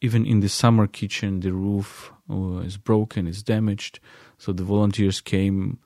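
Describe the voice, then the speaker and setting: A man with a fairly low voice tells of a visit in stops and starts, full of fillers and restarts. The sound is dry, with no room around it. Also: flat delivery, normal speed, dark tone, no room sound. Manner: hesitant, many fillers and restarts. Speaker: guest recounting a field visit. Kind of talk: halting spoken account.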